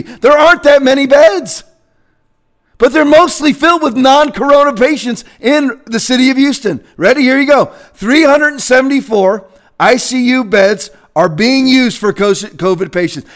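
A man delivers a heated sermon from the pulpit. His voice sits high to begin with and climbs even higher as he presses one rhetorical question after another. At its peaks it breaks into shouting. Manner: voice climbs high when agitated. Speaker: pastor. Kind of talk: political sermon rant.

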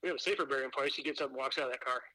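A man's voice: medium pitch, rapid-fire, sharp tone, no room sound, low-quality recording. A man chatting as a podcast guest, telling rambling stories full of fillers and restarts. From Indiana. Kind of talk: casual chat.

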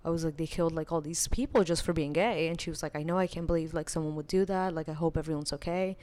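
A young woman chatting casually, telling a personal story in an animated way with lots of filler words. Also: deep voice, fast. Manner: chatty, animated, full of filler likes, laughs while telling. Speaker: podcast guest.

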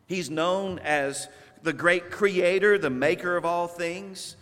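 Southern preacher in a reverberant church. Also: male voice, high voice, fairly bright tone. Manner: slow, deliberate, with emphatic pauses. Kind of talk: sermon. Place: church sanctuary.

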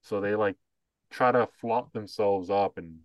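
A low-pitched man talks in loose, rambling podcast chat, blunt and swearing freely. His voice sounds dry and close, with little room around it. He leans on fillers and restarts as he piles up his opinions. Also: a little slow, no room sound, lo-fi sound. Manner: mocking voices when quoting others. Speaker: podcast co-host. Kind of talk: casual chat.

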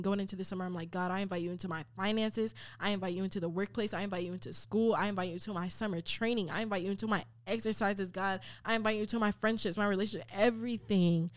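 Young woman guest, twenties, animated and emphatic, repeats phrases, mid-pitched. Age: 20s. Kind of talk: casual faith talk.

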